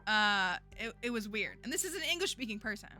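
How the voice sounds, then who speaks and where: A woman's voice: medium pitch, very animated, fairly quick, bright, forceful tone, faint music behind. A woman streaming a game, chatting casually and rambling with lots of fillers, ranting at times. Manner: exasperated ranting. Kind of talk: casual gameplay stream chat.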